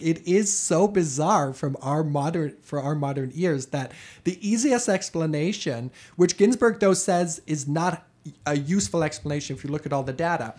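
Man, podcast co-host, chatty history storytelling, slightly high voice, quick restarts. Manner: animated, chatty, self-correcting. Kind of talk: casual conversational storytelling.

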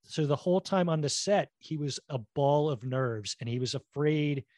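A man's voice: fairly high pitch, normal speed, a little mellow, no echo, clean studio sound. A man co-hosting a casual chat, animatedly telling anecdotes with lots of "like" and "you know".

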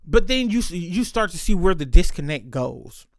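Man, fairly high voice, dry close recording, profane rambling casual monologue. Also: very animated, moderate pace, no room sound. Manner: profane, rambling, laughs between lines.

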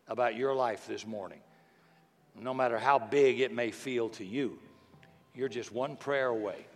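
A man preaches a sermon in a big church hall, his voice trailing off in long reverb. He tells folksy stories, going soft and hushed and then bursting out loud. His pitch sits mid-range for a man. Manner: folksy, animated storytelling with sudden loud outbursts and soft hushed passages. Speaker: pastor.

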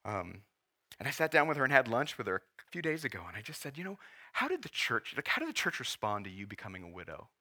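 Bright-voiced earnest pastor in his forties. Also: mid-range voice, huge pitch swings, fast talker. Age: 40s. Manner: earnest, emotional, pushing back tears. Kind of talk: sermon. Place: church.

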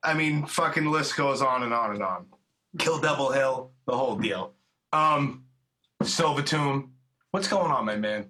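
A man's voice: mid-range voice, unhurried, sharp tone. A middle-aged man hosting a podcast, talking in a rambling, chummy, profane way. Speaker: podcast host. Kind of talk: casual interview chat.

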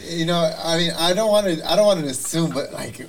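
A man's voice: a little high, quick pace, low-quality recording. A man in casual chat who reacts with laughs and short replies.

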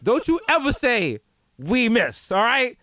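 Animated, high-voiced comedy podcast host. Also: male voice. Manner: rapid-fire riffing, playful. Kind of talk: casual comedic chat.

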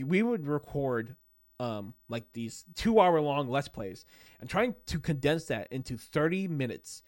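A man in a casual podcast chat, speaking at a mid-range pitch with a hesitant, halting delivery full of pauses. His tone stays sincere and heartfelt. The sound is dry and close, with no room echo. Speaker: streamer and podcast host. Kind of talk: casual reflective podcast talk.

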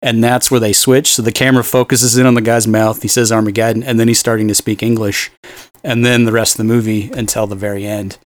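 A man's voice: fairly low pitch, little pitch movement, fast, dry recording. A man co-hosting a podcast, chatting casually and enthusiastically about a film, rambling with fillers. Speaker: podcast co-host. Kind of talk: casual movie discussion.

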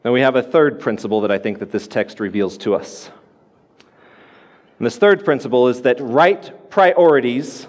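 A man's voice: medium pitch, normal speed, long reverb tail. A man preaching a sermon as pastor, earnest and repeating his key points for emphasis.

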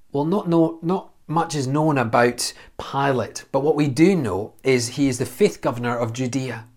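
A man giving a verse-by-verse Bible teaching, earnest and explanatory, asking questions and answering them himself. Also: medium pitch.

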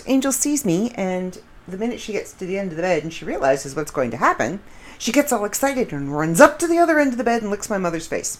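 A middle-aged woman from the United States telling rambling, chatty stories in a casual monologue and laughing at her own jokes. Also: medium pitch.

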